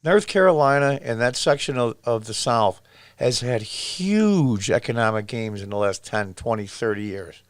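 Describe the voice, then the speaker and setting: A man's voice: medium pitch, animated, moderate pace, no room sound. A man in his sixties from upstate New York gives emphatic casual political commentary, repeating himself as he reacts to footage. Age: 60s. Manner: emphatic, repetitive, exclaims over footage.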